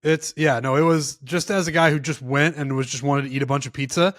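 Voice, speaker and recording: A man's voice: fairly high pitch, fairly even intonation, fairly quick, fairly bright tone, no echo, studio quality. A man co-hosting a podcast, chatting in a laid-back, agreeable way. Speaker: podcast co-host. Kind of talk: casual chat.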